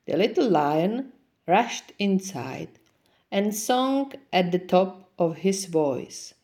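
Slow, expressive woman reading a storybook. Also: mid-range voice. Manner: expressive, gentle read-aloud. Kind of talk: reading a children's picture book aloud.

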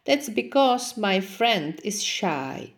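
A woman's voice: medium pitch, big pitch swings, slow, creaky, voice pushed up, heavily acted. A woman doing a crafty old hissing snake. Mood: coaxing. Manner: hissing, coaxing. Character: crafty old female snake, sly and coaxing. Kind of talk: storybook character voice.

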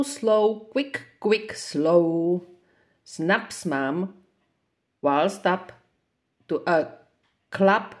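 Lady reading a kids storybook really slowly, lower voice but swoops all over. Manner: slow, expressive. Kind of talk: reading a children's storybook aloud.

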